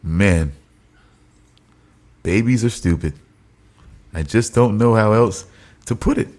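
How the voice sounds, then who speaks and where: A man's voice: lowish voice, slow pace, darkish tone. Laughing man scolding a friend in jest. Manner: laughing, mock-scolding banter. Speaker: podcast co-host. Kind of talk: casual chat.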